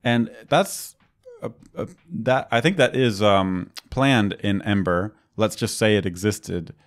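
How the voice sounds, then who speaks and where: A man with a low voice chats casually as a podcast co-host. He rambles through his points, leaning heavily on fillers and restarting sentences as he goes. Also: slow pace. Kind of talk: casual technical chat.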